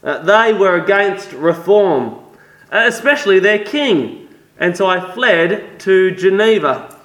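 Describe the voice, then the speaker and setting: A man's voice: sits high, lively intonation, takes it slowly, a bit bright, full character voice. An Australian man playing a shy, scholarly French church reformer from the 1500s in a costumed interview, explaining his story earnestly. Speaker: costumed historical guest. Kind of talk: in-character interview. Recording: roomy echo.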